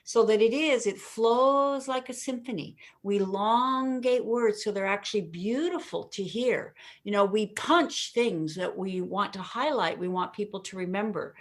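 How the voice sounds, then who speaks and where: A woman speaking as an interview guest, explaining how to deliver a message, acting out her points with pauses and stretched words, often laughing. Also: mid-range voice. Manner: expressive, demonstrates delivery with pauses and emphasis; laughs often while talking. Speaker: communication coach, guest.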